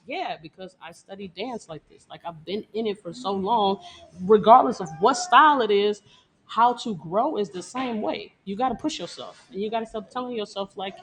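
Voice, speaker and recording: A woman's voice: mid-range voice, expressive, moderate pace, fairly bright tone, a little hiss or hum. Blunt, trash-talking woman dancer. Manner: blunt, profane, boastful, laughs often. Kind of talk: casual interview talk. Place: Detroit.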